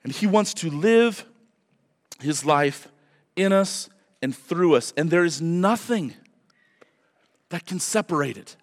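A man's voice: a little high, expressive, slow pace, pauses often. A male pastor giving an earnest, emphatic sermon, repeating his key phrases for weight. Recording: long hall reverb.

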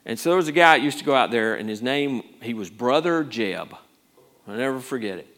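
A man's voice: mid-range voice, animated, brisk, a bit bright. A male pastor preaching a conversational sermon, rambling through restarts and rising to urgent emphasis.

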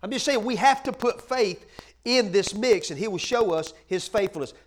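A pastor preaches a sermon in a high-sitting, expressive voice at normal speed. He poses questions to the congregation and answers them himself, sometimes dropping to a hush before building up loud and fervent.

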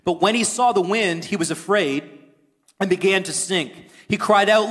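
A pastor preaches with earnest conviction, his voice pitched high for a man. At moments he pushes almost to a shout. A long reverberant tail hangs behind every phrase, like a church sanctuary. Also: moderate pace. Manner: earnest preaching, rising to near-shouting at points. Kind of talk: sermon.

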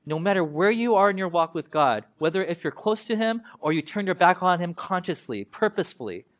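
A man preaches in a relaxed, conversational way, slipping into voices to act out the people in the scripture. His voice sits a little high for a man, and his delivery swings between loud and soft. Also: fairly quick. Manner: conversational, animated, acts out voices of God and prophet. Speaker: pastor. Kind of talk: sermon.

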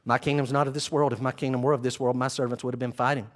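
A calm, authoritative king answers in a low, quiet voice, as a preacher voices him in a sermon. He speaks in measured words and never sounds rushed. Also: lightly acted.

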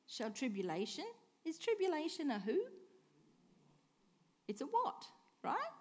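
A woman preaching a sermon, asking rhetorical questions and swinging between hushed and emphatic lines. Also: high voice. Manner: expressive, swings from soft hush to emphatic declaring; slow, deliberate delivery with rhetorical questions.

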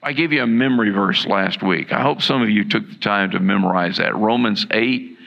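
A man preaching a sermon as pastor, earnest and repeating key lines for emphasis, with a gravelly voice. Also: on the low side, moderate pace, bright, forceful tone, lo-fi sound.

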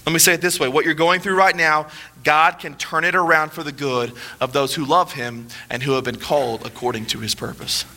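Bright-voiced, high-pitched male preacher. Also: steady tone, brisk. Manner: emphatic, repetitive preaching, dropping low for solemn points. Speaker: pastor. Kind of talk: sermon.

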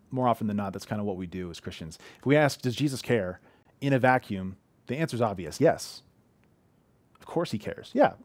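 A man's voice: lowish voice, no echo. A man in his thirties preaching an earnest, conversational sermon from a living room, often restarting his sentences. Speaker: pastor.

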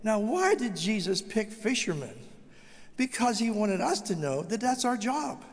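Older guy preaching, high voice, acts out the dialogue as he tells his story, big echoey church hall. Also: very animated, a little slow. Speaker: guest speaker. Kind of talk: testimony sermon. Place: church sanctuary. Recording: long hall reverb.

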